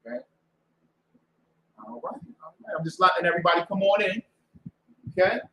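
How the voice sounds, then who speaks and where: Loud, mocking man preaching in an echoey room. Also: high-pitched, fairly even intonation, a little fast, a little hiss or hum. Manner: loud, mocking, repetitive, with shouted bursts. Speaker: street preacher and show host. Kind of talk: fiery preaching talk. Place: indoor room with a door to the street.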